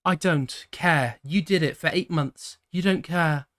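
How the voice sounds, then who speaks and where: A man's voice: fairly high pitch, measured pace, a bit bright, voice pushed up. A man reading out messages as a bitter, accusing young ex-girlfriend, in a raised voice with a cutting manner.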